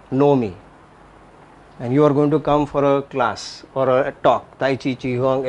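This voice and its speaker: In a live session on tai chi and qigong, a man speaks in a medium, somewhat dark voice. He repeats himself for emphasis and keeps checking that the audience is following with a frequent "Okay?"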